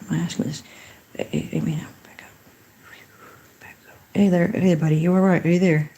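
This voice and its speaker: A woman hosting a casual livestream, chatting to viewers, giving blessings and greetings, and often dropping into soft whispered asides. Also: lowish voice, steady tone, brisk. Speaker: livestream host.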